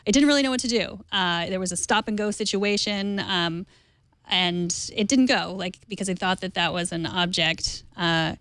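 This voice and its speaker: A woman hosting a tech news talk show, introducing stories in a relaxed, chatty way with light humor. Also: medium pitch, moderate pace, no echo. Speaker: host.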